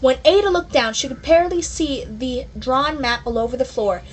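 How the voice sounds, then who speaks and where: A woman's voice: high voice, normal speed, husky. Chatty woman reading her story aloud. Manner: chatty, self-interrupting asides. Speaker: reader of her own story. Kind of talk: casual storybook read-aloud with asides.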